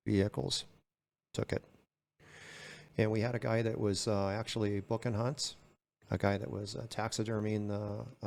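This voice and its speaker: An older retired game warden from California, appearing as a podcast guest, tells stories casually and acts out both sides of the dialogue. His voice is lowish, gravelly, and darkish in tone.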